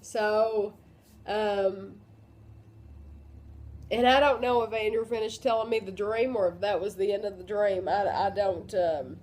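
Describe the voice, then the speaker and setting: A woman in her fifties, crying as she talks in a personal vlog. She speaks haltingly, with many pauses and fillers. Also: medium pitch, fairly even intonation, darkish tone. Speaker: vlogger.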